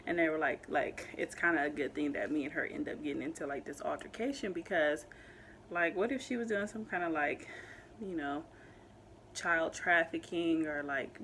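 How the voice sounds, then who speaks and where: A young woman in a casual storytime vlog, talking animatedly with many fillers and growing loud when upset. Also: low-pitched, slight background noise. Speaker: vlogger telling a story.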